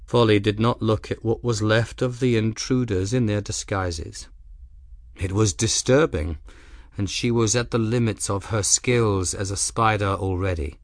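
A man's voice: lowish voice, a little slow, no room sound, clean studio sound. A man narrating a fantasy story as an audiobook reader.

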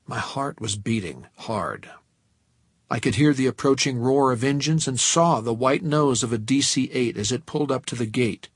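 A man narrating a novel in the first person, measured and tense. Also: medium pitch, husky, no echo, studio quality. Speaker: audiobook narrator.

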